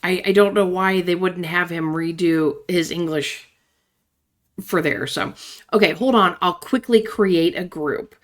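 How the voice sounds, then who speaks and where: A woman's voice: on the low side, unhurried. A woman hosting a gaming channel, reading a text game's chats aloud with chatty asides and frequent laughter.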